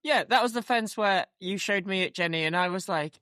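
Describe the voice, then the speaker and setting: A man's voice: sits high, fairly even intonation, fairly quick, hardly any pauses, pushed and bright, no echo, clean studio sound. A man co-hosting a podcast, talking with amazement and enthusiasm in casual chat. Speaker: podcast co-host.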